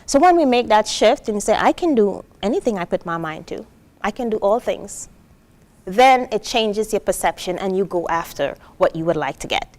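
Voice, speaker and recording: Animated Trinidad-born woman motivational speaker. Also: mid-range voice, moderate pace. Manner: animated, acts out quoted voices, asks the audience questions. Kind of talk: live motivational talk to an audience.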